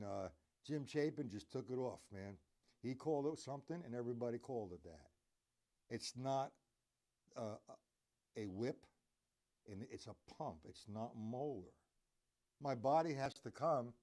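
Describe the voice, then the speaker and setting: A man's voice: mid-range voice, dark tone. A man teaching a live drum lesson, rambling between points and counting beats aloud as he plays.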